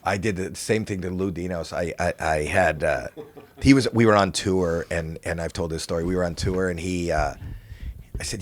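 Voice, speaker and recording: An older man from Canada, a podcast guest, telling animated stories in casual chat with rambling restarts. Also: sits low, moderate pace.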